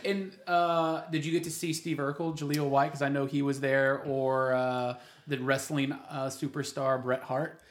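A man's voice: medium pitch, level tone, unhurried, few pauses. A man hosting a casual chat, asking questions and reacting briefly, with some swearing.

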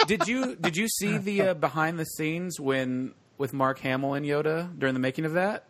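A man co-hosting a casual chat podcast, teasing his friends, swearing and laughing loudly. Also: a little high, normal speed. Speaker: podcast co-host.

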